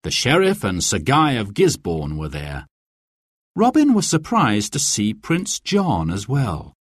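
A man reading a storybook aloud as narrator, with expressive, clear and careful delivery. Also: mid-range voice, a little slow, dry recording, clean studio sound.

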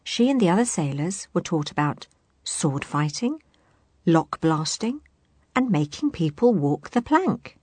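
A woman narrating a children's storybook aloud in an expressive, animated way. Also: fairly low pitch, measured pace, breathy edge, dry recording.

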